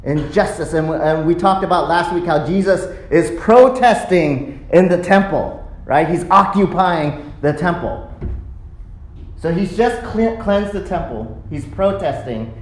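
A pastor delivers a sermon in a church sanctuary, telling the story with animated delivery and acting out the quotes. The voice sits in a middle pitch. The room adds a clear echo. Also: measured pace, slight background noise.

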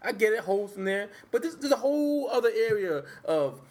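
A man's voice: high-pitched, brisk. A man ranting and joking in casual sports podcast banter. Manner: animated ranting, joking slang. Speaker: podcast co-host.

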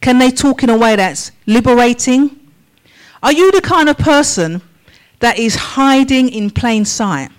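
A woman's voice: a little high, animated, low-quality recording. A woman preaching a sermon in church, asking the congregation a run of questions. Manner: slow, measured questions to the congregation.

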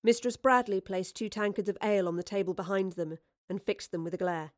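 This audiobook is narrated by a woman whose mid-range voice keeps a measured, even storytelling pace. The recording is clean studio sound without any room sound.

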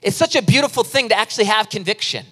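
A male pastor preaching a sermon in a lively, conversational way, with humorous personal stories. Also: high-pitched, quick pace. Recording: long reverb of a large hall.

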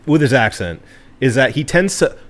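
A man co-hosting a casual podcast chat, agreeable and quick to chime in with yeahs. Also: mid-range voice, sing-song. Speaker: podcast co-host.

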